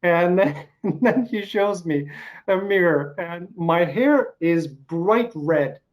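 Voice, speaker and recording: A man from eastern Ukraine speaks with a slight Russian accent and a fairly high voice. He tells stories in an easy, relaxed way, with little chuckles along the way. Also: slow. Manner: relaxed storyteller, chuckling asides. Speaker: podcast host. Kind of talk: casual interview chat.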